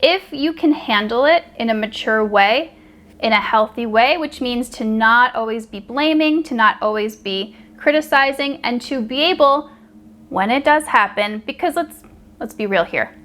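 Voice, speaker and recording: A woman relationship coach talking straight to camera, calmly explaining, now and then acting out example lines. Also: on the high side, moderate pace. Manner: calm, explanatory, acts out example dialogue. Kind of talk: direct-to-camera advice talk.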